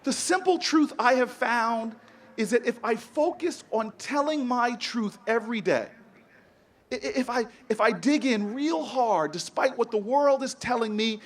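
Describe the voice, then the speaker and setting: A man's voice: very high-pitched, animated, a little slow. A man giving a commencement speech, telling stories with emphasis and sometimes stumbling over repeated words. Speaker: commencement speaker.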